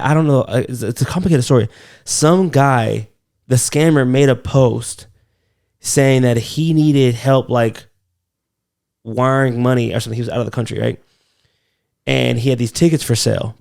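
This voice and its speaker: A man's voice: mid-range voice, vocal fry, darkish tone. A man co-hosting a comedy podcast, telling loose, profane stories in casual chat. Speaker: podcast co-host.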